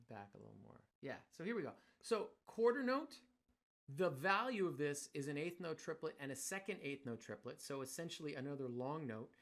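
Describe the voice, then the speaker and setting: A man teaching a drum clinic in a studio, wearing a mic and scatting rhythms with syllables as he explains. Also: a little high. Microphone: wearing a microphone.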